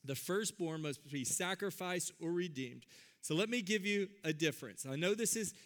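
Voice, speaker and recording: A man delivering a sermon in a high, bright voice. He preaches with animation and calls out to his listeners. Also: expressive, moderate pace. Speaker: pastor.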